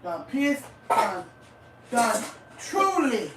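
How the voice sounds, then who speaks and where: A woman vlogger, her voice on the high side, sing-song and very slow, rants angrily at home. She curses and repeats herself in Southern African American vernacular. The recording is distant and off-mic, in an echoey room with faint noise.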